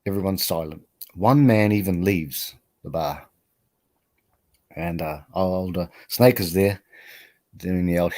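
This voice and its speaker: A man's voice: low-pitched, unhurried, a little mellow. A man hosting a live stream, chatting casually in a rambling, self-deprecating way and laughing often. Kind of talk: casual chat.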